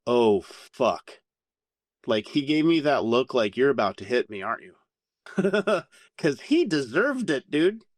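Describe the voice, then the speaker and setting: A man speaking as a podcast guest, spinning a candid anecdote with lots of casual swearing and animated energy. His voice sits at an ordinary middle pitch. The recording is dry and close, with no room echo. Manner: profane, animated anecdote-telling. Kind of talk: candid conversational storytelling.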